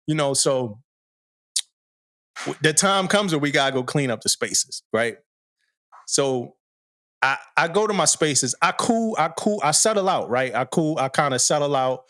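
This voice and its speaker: A man's voice: on the high side, a bit bright, no room sound, studio quality. A man, a podcast co-host, telling a story in a loose, slangy way, often laughing and asking "you know what I mean". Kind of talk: casual storytelling chat.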